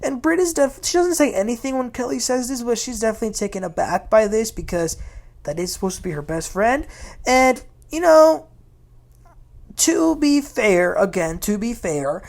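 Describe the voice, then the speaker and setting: A woman hosting a casual, opinionated recap of a reality TV episode. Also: mid-range voice. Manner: chatty, opinionated, quotes the cast. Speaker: TV recap host.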